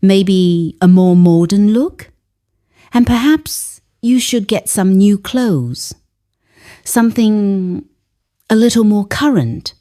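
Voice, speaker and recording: A woman voicing a persuasive grown son, a polished businessman who talks gently but insists on getting his way. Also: medium pitch, animated, slow pace. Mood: coaxing.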